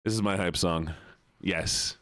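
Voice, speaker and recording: A man streaming games, chatting casually with viewers in a put-on Southern drawl, playful and quick to repeat himself. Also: low-pitched, steady tone, fairly bright tone, no echo. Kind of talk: casual live-stream chat.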